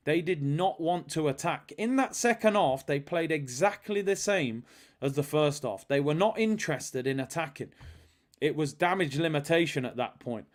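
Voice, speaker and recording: A man hosting a live football watch-along stream, chatting casually, reading viewer messages aloud and calling the match action. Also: fairly high pitch. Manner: chatty, reads out viewer super chats, excited match calls.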